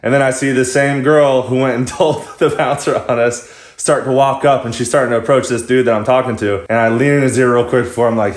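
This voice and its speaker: A man's voice: medium pitch, fairly even intonation, a little fast. Chatty laughing man in an echoey room. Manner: chatty, laughs often mid-story. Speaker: vlogger. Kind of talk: casual storytelling to friends.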